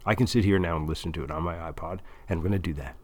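A man's voice: low voice, rapid-fire, a little mellow. A man explaining a plan at length in a casual, rambling way with many restarts. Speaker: interviewer recording a monologue.

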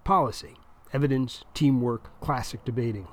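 A man narrating a comic serialized story in a wry, deadpan way. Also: medium pitch, normal speed.

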